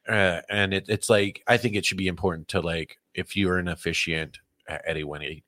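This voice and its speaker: A man's voice: deep voice, steady tone, brisk, sharp tone, no echo. A man who is a wedding officiant, chatting casually and rambling with many restarts. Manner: rambling, restarts a lot, laughs easily. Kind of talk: casual chat.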